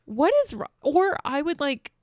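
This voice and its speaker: A woman's voice: high voice, lively intonation, normal speed, a little mellow, no room sound, clean studio sound. Young woman, joking podcast banter. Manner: laughing, joking. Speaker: podcast co-host. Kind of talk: casual chat.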